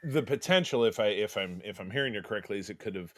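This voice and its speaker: A man's voice: fairly low pitch, expressive, quick pace, dry recording. Rambling middle-aged man, dry close sound. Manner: rambling, digressive, many restarts. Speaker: podcast co-host. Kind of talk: casual chat.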